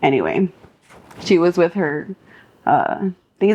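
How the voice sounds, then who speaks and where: A young Southern California woman, a singer appearing as a podcast guest, tells street stories in a casual, profane, animated way, laughing often and mimicking what people said. Her voice is on the low side and fairly quick, and the audio sounds dull.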